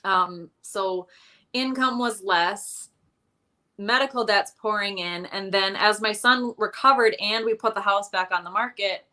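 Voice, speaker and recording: A woman guest in a casual interview, recounting her money struggles with candid, self-mocking humor. Her voice is bright and forward, and she talks loosely with frequent ums and restarts. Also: mid-range voice, a little slow. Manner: candid, self-deprecating storytelling with many fillers.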